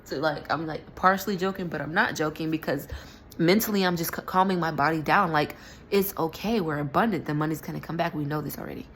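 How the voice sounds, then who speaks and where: A woman's voice: low-pitched, quick pace, fairly bright tone, a little hiss or hum. A young woman telling a personal story in a casual, rambling monologue full of fillers and restarts. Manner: rambling, filler-heavy, self-correcting. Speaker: spiritual vlogger.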